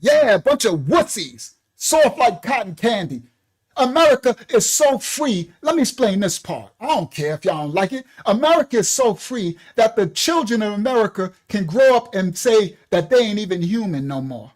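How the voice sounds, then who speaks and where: A man's voice: high-pitched, sing-song, normal speed, rough recording. Fiery older man ranting. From Long Island, New York. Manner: fiery, preachy, rambling. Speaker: ministry channel host. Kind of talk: ranting monologue.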